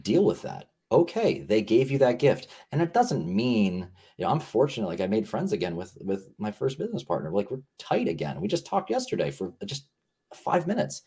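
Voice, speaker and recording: This podcast guest has a fairly low, mellow, slightly rough voice with huge swings in pitch and a moderate pace. He rambles earnestly in reflective conversation, saying "like" constantly as he works through his thoughts out loud.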